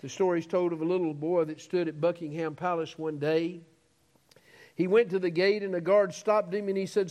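A man preaching a sermon, swelling into emphatic peaks, stretching out key words and dropping to quiet, low phrases. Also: steady tone, a little fast.

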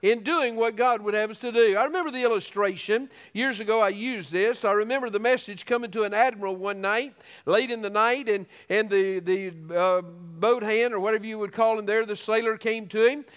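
A man's voice: high voice, fairly quick, few pauses, a bit bright, smooth, big-room sound. A man preaching a sermon as pastor of a small church, earnest, with frequent restarts.

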